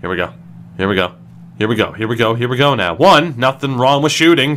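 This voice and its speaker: A man commentating his own hockey video game, swinging between low groans and excited shouts. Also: brisk. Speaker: gaming streamer.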